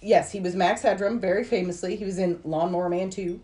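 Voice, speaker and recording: A woman's voice: fairly low pitch, fairly even intonation, fairly quick, warm tone. A woman hosting a casual podcast, running through a film's cast list and bossing her co-hosts. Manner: bossy, reads cast lists. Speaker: podcast host.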